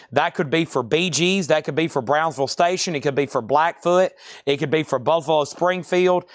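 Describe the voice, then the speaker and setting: This is a man hosting a live record sale online, speaking. His voice sits somewhat high and sounds close and dry. He moves briskly from item to price, tossing in casual remarks to viewers. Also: a bit bright, no echo. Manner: rapid item-and-price listing, chatty asides. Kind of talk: live-stream record auction patter.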